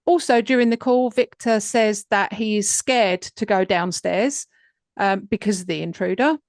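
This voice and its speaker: A woman's voice: mid-range voice, normal speed, dry recording, clean studio sound. A woman hosting a true crime podcast, talking in a conversational way with many fillers. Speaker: podcast host.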